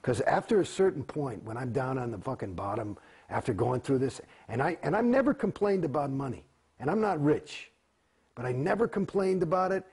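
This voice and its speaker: A man giving a candid interview in a heated, profane, rambling way, swearing often, in a gravelly, husky voice. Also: sing-song, a little fast. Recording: quiet, low-volume recording.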